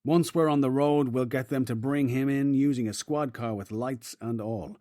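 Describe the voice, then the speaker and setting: A man voicing a commanding detective chief giving orders with brisk, dry humour. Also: medium pitch, dark tone, dry recording, natural voice. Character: wry, commanding male detective boss.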